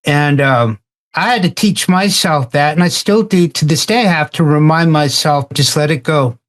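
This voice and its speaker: Man telling a halting anecdote. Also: on the high side, animated. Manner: halting, repeats words while telling an anecdote. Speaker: roundtable participant. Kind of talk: casual discussion, storytelling.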